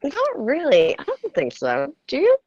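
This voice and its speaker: Man, livestream host, gravelly, lively swooping pitch, dull dry home mic. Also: moderate pace, no room sound. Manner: chatty, laughs often. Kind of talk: casual livestream chat.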